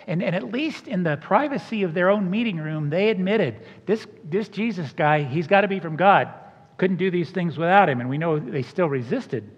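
Animated preacher man in an echoing hall. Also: high-pitched, slightly rough. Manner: animated, acts out quoted voices. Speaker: pastor. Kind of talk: sermon. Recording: dull sound with long hall reverb.

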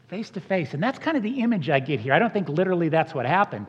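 A man preaching a sermon in a lively, conversational way, acting out the people he quotes. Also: fairly high pitch, fast, hardly any pauses, slightly rough. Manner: animated, acts out quoted voices. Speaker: pastor. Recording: dull sound with long hall reverb.

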